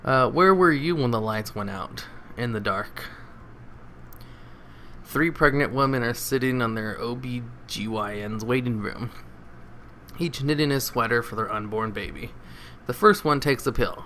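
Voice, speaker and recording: A man reads a list of jokes aloud in a casual home-video way, his voice bright and pushing forward. He often breaks off to laugh or comment on what he just read. A faint hiss of noise sits under the recording. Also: mid-range voice, a little slow. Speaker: reader of online posts. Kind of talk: reading jokes aloud with asides.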